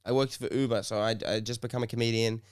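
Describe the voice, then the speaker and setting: A man's voice: medium pitch, steady tone, smooth. A man, a comedian, telling a rambling anecdote in casual chat, swearing freely and acting out what people said. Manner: fast, rambling anecdote with swearing and acted quotes. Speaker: comedian guest.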